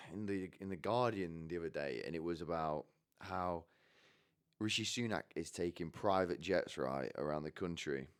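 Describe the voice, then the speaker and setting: A man's voice: low voice, smooth. A young man telling rambling comic stories in casual, swearing monologue, often acting out the people in his anecdotes. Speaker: podcast host.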